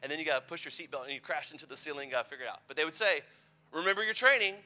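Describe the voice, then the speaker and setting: A man's voice: on the high side, steady tone, very fast, bright, forceful tone. A man in his thirties giving a playful, conversational youth sermon full of personal stories. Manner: playful, conversational, teasing asides. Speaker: youth pastor.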